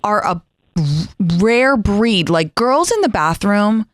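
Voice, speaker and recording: A woman's voice: medium pitch, animated, slow, no room sound, studio quality. A woman hosting a casual chat show, gushing and enthusiastic in her reactions. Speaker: podcast host.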